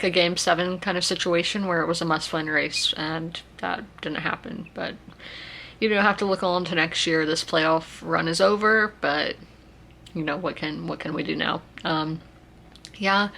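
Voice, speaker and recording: A woman's voice: lowish voice, gravelly, fairly bright tone. A woman, chatting casually in a rambling vlog. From South Carolina. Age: 20s. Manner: rambling, chatty, many fillers and restarts. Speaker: vlogger.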